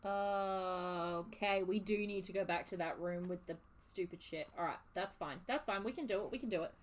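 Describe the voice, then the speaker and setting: A young woman streaming a game, chatting casually and swearing in an animated, exasperated way as she recaps. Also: on the low side, normal speed. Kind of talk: casual chat while live streaming a game.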